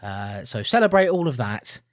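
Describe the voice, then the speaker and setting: A man's voice: very animated, moderate pace, no echo, clean studio sound. A man co-hosting a podcast in casual, jokey, rambling chat, with mock-grumpy outbursts. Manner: jokey, rambling, mock-grumpy with sudden loud high bursts. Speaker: podcast co-host.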